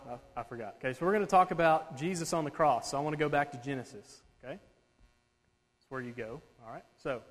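Guy giving a sermon, kinda high voice, lots of okay? and all right?, big echoey hall. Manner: conversational, keeps asking "okay?". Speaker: preacher. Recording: long hall reverb.

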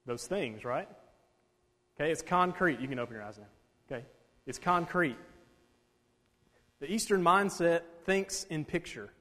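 A man's voice: fairly high pitch, lively intonation, a little slow, pauses often, fairly bright tone. A man preaching a conversational sermon who keeps checking in with his listeners by asking "okay?". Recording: long hall reverb.

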